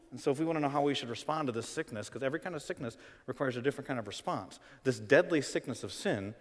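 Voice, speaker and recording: Pastor, male, mid-pitched voice, delivering an animated sermon that rises to loud emphasis; recorded in a big hall with long reverb. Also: quick pace. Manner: swings from soft to loud, animated preaching.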